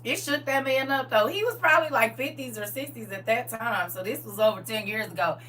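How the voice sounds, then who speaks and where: On a recording from a distant microphone with a faint hum, a middle-aged woman livestreaming spins a casual story for viewers, animated and laughing as she acts out what people said. Her voice is fairly high and her delivery fairly quick.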